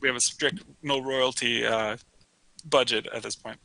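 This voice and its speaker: A man's voice: mid-range voice, steady tone, normal speed, vocal fry, pushed and bright, no room sound, low-quality recording. A man co-hosting a casual real estate talk show, joking and laughing often. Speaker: co-host. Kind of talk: casual banter.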